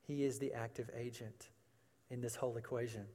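A man's voice: mid-range voice, steady tone, a little fast, mellow. A man preaching a sermon, emphatic, with rhetorical questions and repeated phrases, in a large church hall. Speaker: pastor. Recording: long hall reverb.

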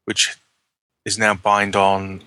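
A man's voice: on the low side, completely flat delivery, takes it slowly, bright, forceful tone, no echo. A man hosting a casual gaming podcast, rambling and correcting himself with a wry tone. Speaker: podcast host.

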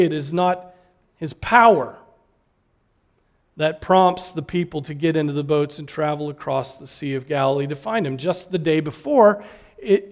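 A man preaching a sermon in an earnest, emphatic way, often restarting words and asking "right?". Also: on the high side.

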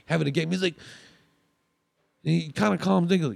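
A man's voice: a little high, fairly quick, gravelly, dry recording, clean studio sound. A man telling a long story in casual chat, rambling with fillers and restarts.

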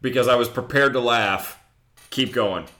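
A man's voice: mid-range voice, normal speed, sharp tone. A man co-hosting a podcast, riffing in casual comedic banter with playful, exaggerated disbelief. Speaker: podcast co-host.

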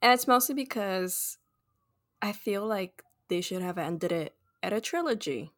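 A woman's voice: medium pitch, animated, a little slow, no echo, clean studio sound. A woman co-hosting a casual film review chat, playful and blunt, often laughing. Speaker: podcast co-host.

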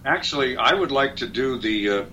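A man voice actor in an interview, dry and joking, clearing his throat now and then. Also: mid-range voice, lively intonation, normal speed, pushed and bright, highs cut off, slight background noise. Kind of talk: interview talk.

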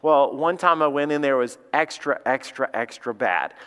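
Pastor preaching in a reverberant hall. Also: male voice, medium pitch, moderate pace, clear, resonant tone. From Alabama. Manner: folksy storytelling, voice rising when excited. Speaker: lead pastor. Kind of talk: sermon.

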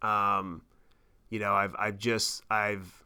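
A man in his thirties telling a travel story on his podcast, animated and rambling, with lots of swearing and fillers. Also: lowish voice, takes it slowly, gravelly, clear, resonant tone. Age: 30s. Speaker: podcast host. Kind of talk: casual storytelling monologue.

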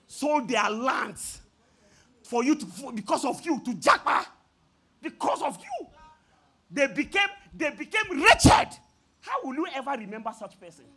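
A man preaching a sermon, telling a story with laughter and sudden shouted peaks. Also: very high-pitched, slightly rough. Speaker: pastor.

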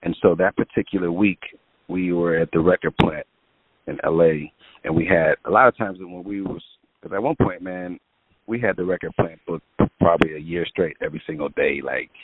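A male music producer tells a story casually over a tinny, phone-like line with a dry sound. His voice sits low at a normal pace, and he animatedly acts out what people said, using lots of fillers.

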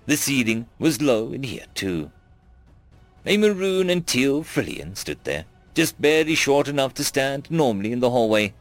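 A man narrating a first-person science fiction story in a wry, expressive way. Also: mid-range voice, normal speed, dry recording, soft background music. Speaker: audiobook narrator.

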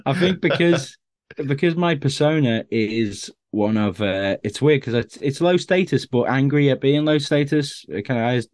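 A man's voice: mid-range voice, lively intonation, moderate pace, darkish tone, no room sound. A man, a stand-up comedian, chatting as a guest and telling self-deprecating stories with lots of restarts. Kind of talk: casual conversational anecdotes.

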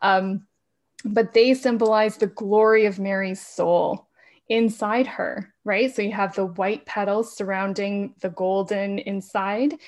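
A woman who is a podcast guest in a casual interview, talking fast and laughing often. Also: mid-range voice, a little mellow. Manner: talks fast with frequent laughs.

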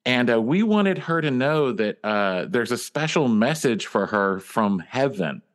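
A man's voice: medium pitch, big pitch swings, unhurried. A man telling a story in a casual comedy podcast, with a dry, self-deprecating delivery.

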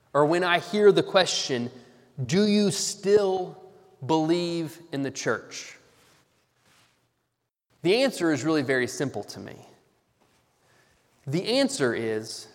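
A man preaching a sermon, teaching slowly and deliberately with emphatic stresses on key words. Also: high voice. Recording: long reverb of a large hall.

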